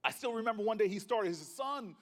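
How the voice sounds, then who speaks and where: A man's voice: high voice, rapid-fire. Rousing man orating in a reverberant hall. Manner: rousing, rhythmic repetition, folksy storytelling. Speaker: senator giving a keynote. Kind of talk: impassioned political speech. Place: large conference hall. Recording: long reverb of a large hall.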